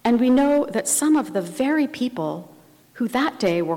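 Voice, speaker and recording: A woman's voice: on the high side, animated, darkish tone. Woman preaching in a reverberant hall. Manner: measured, reflective delivery. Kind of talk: sermon. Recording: long reverb of a large hall.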